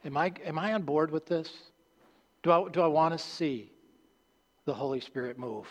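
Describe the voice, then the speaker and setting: In a church sanctuary, a man preaches with earnest hesitation, often starting phrases over and sinking low as each line closes. A long, hall-like reverb surrounds his voice.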